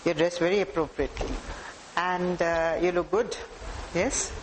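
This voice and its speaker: A woman's voice: on the low side, steady tone, moderate pace, slight background noise, low-quality recording. Indian woman giving a live motivational talk. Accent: Indian English. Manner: warm, direct, addresses audience members by name. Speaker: motivational speaker. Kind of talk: live talk to a small audience. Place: talk room with live audience.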